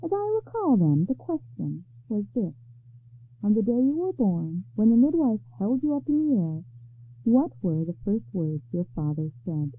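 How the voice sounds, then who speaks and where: A woman's voice: medium pitch, sing-song, normal speed, slightly rough. A woman voicing Death as a fussy, gloating male figure in a radio storybook, chatty and theatrical. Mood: officious. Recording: narrow phone-like radio sound.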